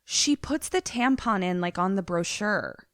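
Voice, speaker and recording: A woman podcast co-host in casual chat, retelling a film in a profane, animated way. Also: mid-range voice, unhurried, no room sound, clean studio sound.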